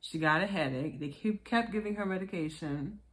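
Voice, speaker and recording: A woman giving casual commentary on a reality show, chatty and animated, acting out quotes in high voices and often laughing. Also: moderate pace. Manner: frequent laughter. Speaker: reality TV reviewer.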